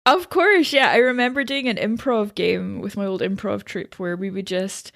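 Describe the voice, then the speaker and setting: A woman's voice: mid-range voice, normal speed, gravelly, fairly bright tone. A woman chatting casually as a podcast guest, laughing often and joking about herself. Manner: laughs often, self-deprecating. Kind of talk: casual chat.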